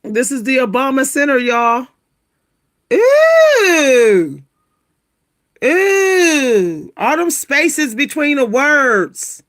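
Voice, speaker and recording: Woman livestreaming and reacting, high bright voice, talks slow, keeps going "what?" and laughing. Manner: animated, keeps exclaiming "what?" in a high squeal; laughs between remarks, talks to viewers as "y'all". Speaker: livestream host reacting to pictures. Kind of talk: casual livestream commentary.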